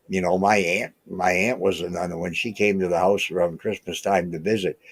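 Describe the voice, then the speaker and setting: A man's voice: deep voice, gravelly, breathy edge. A man in his seventies telling stories in a rambling way in a casual chat, often restarting his sentences. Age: 70s. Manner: rambling storyteller with frequent restarts. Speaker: guest recounting past events.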